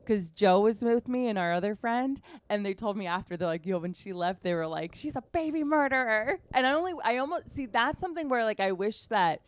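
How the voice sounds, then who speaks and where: A woman hosting a podcast, also a comedian, telling a story casually with fillers and animated asides. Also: medium pitch, a little fast, few pauses, no room sound.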